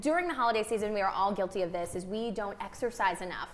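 Fast-talking woman show host. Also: medium pitch. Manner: quick, reads out viewer questions. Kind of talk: live Q&A hosting.

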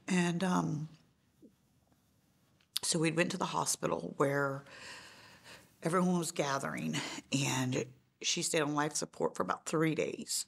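Brief: middle-aged mother, documentary testimony, low voice with gravelly fry, halting delivery. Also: steady tone. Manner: halting, many fillers, voice rising and breaking in grief. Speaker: bereaved mother interviewee.

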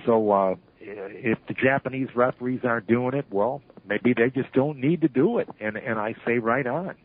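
An older man, a retired wrestling referee, telling animated stories in an interview and acting out the lines he quotes. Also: medium pitch, normal speed, slightly rough. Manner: animated storyteller who acts out shouted quotes. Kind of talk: storytelling interview. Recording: tinny phone line.

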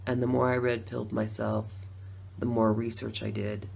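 A middle-aged woman telling her own story in a chatty testimonial vlog, laughing between lines and swinging from hushed to loud. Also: extremely low pitch, flat delivery, normal speed, creaky, slight background noise.

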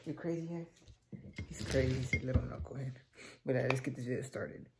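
A man's voice: medium pitch, little pitch movement, fast talker, gravelly, very noisy. A teenage boy hosting a reaction video, chatting casually and rambling between remarks. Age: teens.

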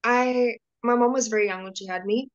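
A woman's voice: fairly high pitch, steady tone, fairly quick, muffled recording. A young woman, an interview guest, talking casually on a video call with many restarts and fillers.

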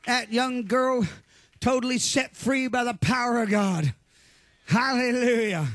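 High, bright, shouting male preacher. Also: a little slow, dry recording. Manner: animated storytelling, often shouting. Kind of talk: sermon.

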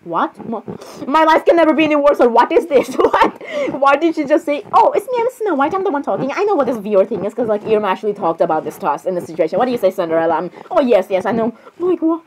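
Giggly woman reacting in playful role-play chat; high, bouncy voice, apologetic and excitable. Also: fast, slight background noise, poor audio.

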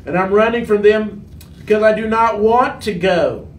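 A man's voice: high-pitched, moderate pace, slight background noise, natural voice. A man voicing an anxious runaway prophet in a Bible story for children, in an earnest, pleading tone, recorded in an echoey room from a distance. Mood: confessing. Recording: echoey room, mic far off.

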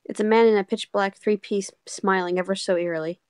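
A woman's voice: medium pitch, fairly even intonation, brisk, smooth, dry recording, clean studio sound. A woman co-hosting a game playthrough, chatting playfully and reading lines aloud. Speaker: let's play co-host.

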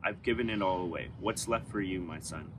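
A man voicing an old, trembling father who speaks gravely, in a scripture reading with street noise behind. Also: sits low, a little fast, lightly acted.

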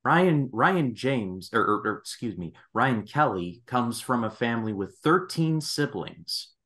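A man's voice: mid-range voice, big pitch swings, a little slow, fairly bright tone. A man hosting a casual podcast chat, rambling and correcting himself. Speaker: podcast host.

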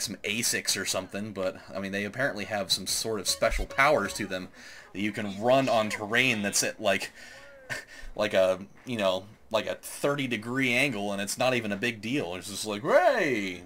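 A man's voice: lowish voice, fairly bright tone. A man hosting a let's play, telling rambling stories over gameplay and laughing often. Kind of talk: casual gameplay commentary.

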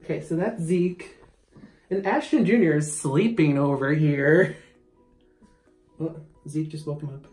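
Slow-talking young man vlogger. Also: fairly high pitch, a little mellow, echoey room, faint music behind. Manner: chatty, giggly, yelps in pain. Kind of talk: casual vlog narration.

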